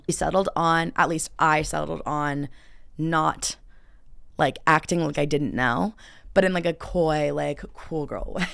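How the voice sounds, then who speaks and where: A woman's voice: low voice, fairly even intonation, a little slow, vocal fry, fairly bright tone, clean tone, no echo, clean studio sound. A young woman hosting a podcast, telling a dating story in a chatty, filler-heavy way with frequent laughter. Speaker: podcast host. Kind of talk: casual storytelling.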